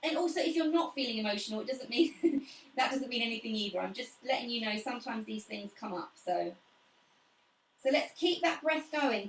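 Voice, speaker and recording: A woman's voice: a little high, brisk, far from the mic. Chatty woman guiding a pilates class. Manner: calm, chatty guidance with soft cues. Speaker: pilates instructor. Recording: echoey room, away from the mic.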